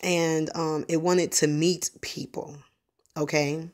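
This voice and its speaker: A woman telling a personal story in a halting, rambling way, full of ums. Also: low voice, level tone, a little mellow. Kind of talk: casual spoken testimony.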